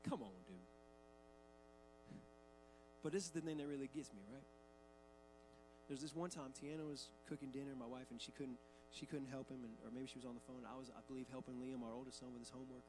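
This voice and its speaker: A man's voice: mid-range voice, little pitch movement, fast, music in the background. A man in his thirties, a pastor preaching a sermon in a church, talking in a conversational, emphatic way with casual asides. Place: church sanctuary.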